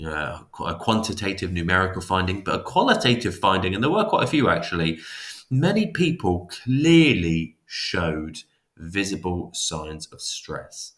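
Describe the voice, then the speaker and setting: A man's voice: low voice, a bit bright, roomy sound. A man teaching psychology in a casual, chatty lecture, often restarting and adding asides. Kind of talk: informal classroom lecture.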